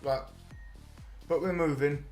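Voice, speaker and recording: A man's voice: on the high side, steady tone, slow, a little mellow, faint music behind. A man with a British accent hosting a live watch-party stream, chatting casually, laughing often and swearing now and then.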